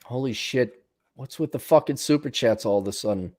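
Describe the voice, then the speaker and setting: A man's voice: medium pitch, a little fast, a little mellow. An American man in his forties hosting a livestream, answering viewer questions in a blunt, profane, sarcastic rant. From United States. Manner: blunt, profane, sarcastic, mocks others in mimicking voices.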